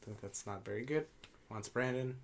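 A young woman co-hosting a podcast, talking in a relaxed, hesitant way that trails off. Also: a bass voice, normal speed, slight background noise. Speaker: podcast co-host. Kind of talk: casual chat.

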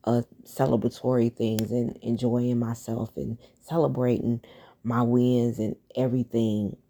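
A woman hosting a solo podcast, talking through her plans in a relaxed, reflective way with lots of fillers and restarts. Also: rumbling low, vocal fry. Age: adult, has a daughter. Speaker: podcast host. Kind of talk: casual solo podcast talk.

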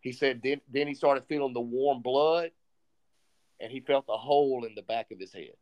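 Guy on a podcast telling a story, gets animated, voices the people he quotes. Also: medium pitch, normal speed, muffled recording. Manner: animated retelling, acts out quoted dialogue. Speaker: podcast co-host. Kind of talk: casual storytelling chat.

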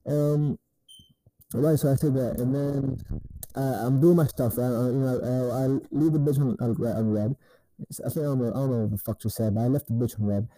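A man tells a story in a loose, rambling rant, swearing freely and checking in with the listener again and again. His voice is very dark and mellow, and the sound is close and dry. The delivery is casual and unscripted. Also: mid-range voice, fairly even intonation, brisk, dry recording, low-quality recording. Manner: rambling and profane, with many repeated "right?" tags. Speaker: podcaster.

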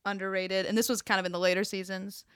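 A woman's voice: quick pace, smooth, dry recording, clean studio sound. A young woman co-hosting a casual chat, giggling often and acting out quotes. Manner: giggly, animated, acts out quotes in high voices. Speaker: podcast co-host.

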